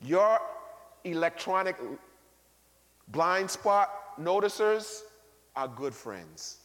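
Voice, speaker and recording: Lively bishop preaching, fairly high voice, booming then hushed, long church reverb. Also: male voice, extremely slow. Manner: animated, acts out quoted people, swings from loud to quiet. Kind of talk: sermon. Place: large church sanctuary. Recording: long reverb of a large hall.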